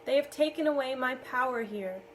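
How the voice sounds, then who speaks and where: A woman's voice: sits high, moderate pace, slight background noise, close to an everyday voice, low-quality recording. A woman reading as a wounded, grave captain. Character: wounded middle-aged male captain, commanding.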